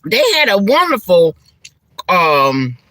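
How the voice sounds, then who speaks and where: Here a middle-aged vlogger talks slowly in a lowish voice, recorded dry, while eating lunch with her audience mukbang-style. Chatty and animated, she keeps laughing, uses church exclamations, and calls everyone "honey" and "child" in Southern fashion.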